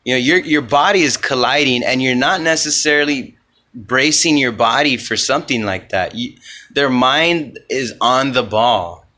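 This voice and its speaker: A man's voice: mid-range voice, moderate pace, sharp tone. A man hosting a solo comedy podcast, rambling in an offhand way and swearing often.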